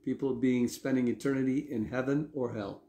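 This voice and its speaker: A man's voice: mid-range voice, steady tone, a little fast, mellow. Conversational man preaching in echoey room. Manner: conversational preaching with frequent "okay?" asides. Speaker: pastor. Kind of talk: sermon.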